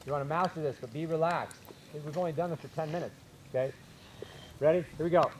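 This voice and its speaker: A man coaching baseball infielders on a field, calling out short, energetic drill cues and explaining technique. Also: on the high side, fast talker, a little hiss or hum.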